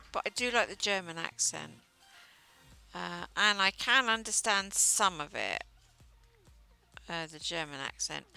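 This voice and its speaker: A woman talks casually to her stream as she knits, rambling from one thing to the next and filling gaps with ums and uhs. Her voice sits a little low but sounds bright and crisp, and she takes her time. Faint music plays underneath. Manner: rambling, chatty, with many fillers. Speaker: livestreamer. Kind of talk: casual chat while knitting.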